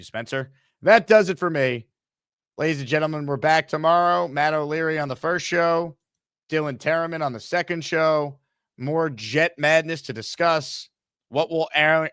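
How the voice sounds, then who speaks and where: A man's voice: fairly high pitch, fairly bright tone, clear, resonant tone, no echo, clean studio sound. A man hosting a sports talk show, brash and joking as he wraps up the episode. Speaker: host.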